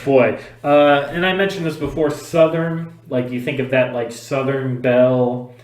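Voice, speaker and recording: A man's voice: medium pitch, steady tone, measured pace. A man co-hosting a podcast in casual chat, hesitant with many fillers and jokes. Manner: hesitant, filler-heavy, joking. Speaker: podcast co-host. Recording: echoey room.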